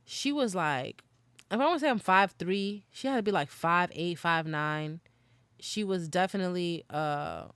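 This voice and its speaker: A woman's voice: lowish voice, smooth, no room sound. A young woman hosting a podcast, telling personal stories in a casual, slangy way, swearing and laughing as she goes. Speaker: podcast host. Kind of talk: candid storytelling monologue.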